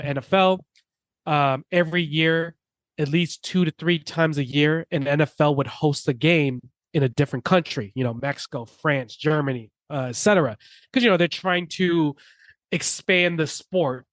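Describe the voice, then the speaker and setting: A man's voice: fairly high pitch, no room sound. A man hosting a casual podcast chat, rambling through his points. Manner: rambling, heavy on fillers and restarts. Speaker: podcast host.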